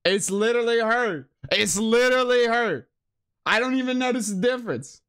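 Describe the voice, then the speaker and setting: A man's voice: very high-pitched, moderate pace, a bit bright, clear, resonant tone. A man streaming a game live, giving casual, profane, slangy commentary and laughing often.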